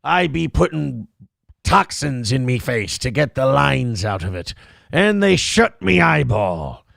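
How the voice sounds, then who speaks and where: Man's put-on pirate, gruff, mocking, slangy, crackly, lively pitch. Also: slow, no room sound, clean studio sound, heavily acted. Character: gruff pirate mocking a woman, salty sea-dog talk.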